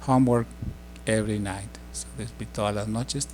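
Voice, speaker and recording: A middle-aged man giving a casual spoken language lesson, explaining slowly with many fillers and restarts. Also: fairly low pitch, little pitch movement, slight background noise. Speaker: language teacher.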